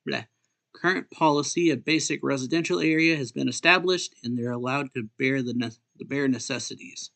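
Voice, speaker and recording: A man's voice: medium pitch, a little fast, vocal fry, sharp tone. A man reading the lines of a smug male camp official from a comic, voice lifted a little above his own.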